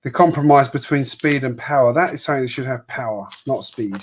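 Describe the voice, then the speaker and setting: A man's voice: medium pitch, a little fast, a little hiss or hum. Chatty man rambling while building. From Sydney, Australia. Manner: rambling, opinionated, laughs often. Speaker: livestream host building a toy kit. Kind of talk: casual chat while building.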